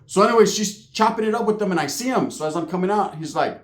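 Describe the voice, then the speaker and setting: A man hosting his own channel tells a story in a loose, profane, streetwise way. His voice sits a bit higher than most men's. The room around him is echoey. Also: animated, fast talker. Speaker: channel host telling a story. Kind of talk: casual storytelling monologue.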